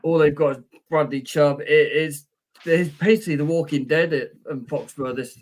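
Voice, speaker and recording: A man's voice: on the high side, steady tone, moderate pace. A man hosting a casual sports podcast, chatty and rambling with many fillers. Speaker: podcast host.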